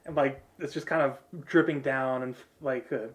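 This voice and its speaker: A man's voice: medium pitch, steady tone, moderate pace. A man narrating a tabletop game as game master, casual and full of fillers.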